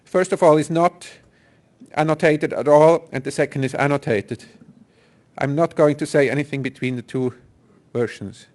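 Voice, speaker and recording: A man's voice: fairly high pitch, moderate pace, a little mellow. A man giving a technical conference talk, explaining speech synthesis principles step by step. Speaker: conference presenter. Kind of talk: technical presentation. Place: conference hall.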